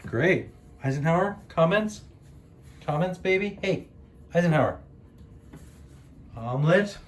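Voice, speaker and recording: A man's voice: on the high side, lively intonation, unhurried. A man co-hosting a cooking show, trading goofy, teasing banter with his partner. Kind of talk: casual cooking chat.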